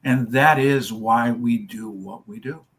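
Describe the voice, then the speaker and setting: A man's voice: medium pitch, measured pace, fairly bright tone. A man who founded a children's charity, telling a long story in an interview and acting out each person's lines. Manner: storytelling, acts out dialogue.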